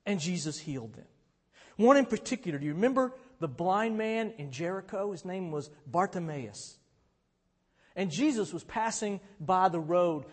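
A man preaching a sermon in a relaxed, conversational way, now and then rising to shouts as he retells a story. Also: high-pitched. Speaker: pastor. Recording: long hall reverb.

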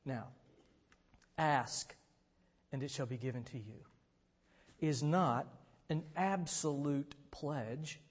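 High-voiced preacher in a reverberant hall. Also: male voice, slow, pauses often, husky. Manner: conversational preaching, bursts into shouts when retelling scenes. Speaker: pastor. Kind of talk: sermon.

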